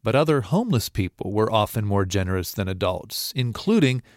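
A man's voice: fairly low pitch, sing-song, brisk, no echo, studio quality. A male reporter narrating a news feature in a conversational way, speaking straight to the listener.

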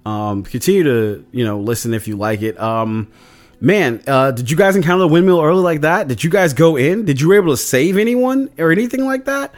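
A man's voice: fairly high pitch, lively intonation, brisk. A man casually recapping his tabletop game session as a podcast host, rambling with lots of fillers. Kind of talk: casual chat.

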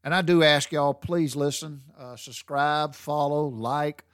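A man's voice: on the high side, fairly even intonation, a little slow, smooth, no echo, clean studio sound. A man in his fifties with a Southern American accent, hosting a podcast and telling rambling, folksy stories. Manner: rambling, drawling, swears casually. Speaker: podcast host. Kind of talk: folksy storytelling monologue.

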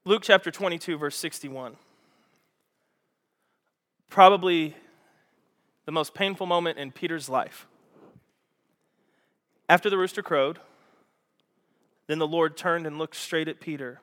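A man preaching a sermon to a congregation, animated and storytelling, acting out scenes with raised voices. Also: on the high side, unhurried, long pauses. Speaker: pastor. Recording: echoey hall.

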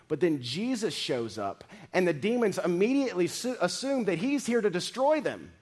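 Animated man preaching a sermon. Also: high-pitched, moderate pace. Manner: animated preaching with big swings from loud to hushed; dramatic scripture reading. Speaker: pastor.

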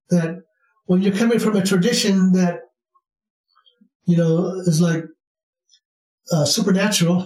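A man's voice: high voice, a little mellow, recorded from a distance. A man telling a spiritual story in a rambling casual way, with many restarts and fillers. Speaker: spiritual teacher. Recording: roomy sound, from off mic.

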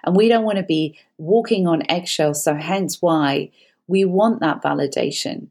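Lower-voiced woman giving earnest advice. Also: unhurried, creaky, a little mellow. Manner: earnest, repetitive, explanatory. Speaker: guest psychologist. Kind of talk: conversational advice talk.

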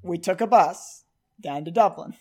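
A man co-hosts a podcast in relaxed, casual chat. He spins a story with a teasing edge, pausing on fillers as he goes. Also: high voice. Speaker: podcast co-host.

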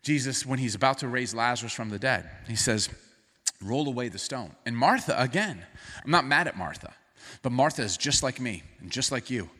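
A middle-aged man preaching a sermon as pastor, animated and rising into emphatic bursts. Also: medium pitch, moderate pace, husky, in a large hall. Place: church sanctuary.

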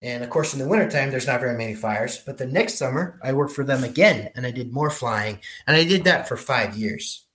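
A man being interviewed as a helicopter pilot, telling his career story in a lively way and often restarting his sentences. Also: medium pitch, brisk, few pauses. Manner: animated storyteller, many restarts. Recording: roomy echo.

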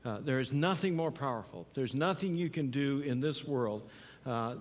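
A man preaching a sermon in earnest, often repeating phrases and checking in with "right?". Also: mid-range voice. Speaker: pastor. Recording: long hall reverb.

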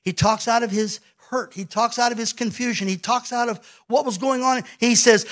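A male pastor preaching a sermon, telling a scripture story in an animated way and acting out the quoted lines. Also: very high-pitched, brisk, few pauses.

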